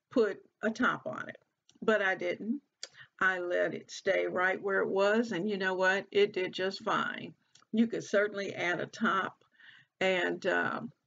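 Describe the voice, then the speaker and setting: Gravelly-voiced woman hosting a cooking video. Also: mid-range voice, lo-fi sound. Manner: warm, chatty, walks viewers through each step. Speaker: cooking channel host. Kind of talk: casual cooking demonstration. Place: home kitchen.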